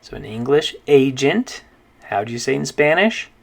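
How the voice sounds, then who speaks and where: A man teaching a recorded pronunciation lesson, patient, slowly repeating each word and checking in with "okay?". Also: medium pitch, big pitch swings, gravelly, fairly bright tone. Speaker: Spanish teacher.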